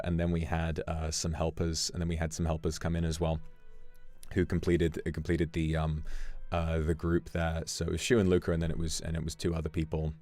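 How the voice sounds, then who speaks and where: A man streamer chatting casually, telling an animated story with sudden jumps in pitch. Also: no echo. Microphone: streaming microphone. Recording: dry close mic, faint music behind.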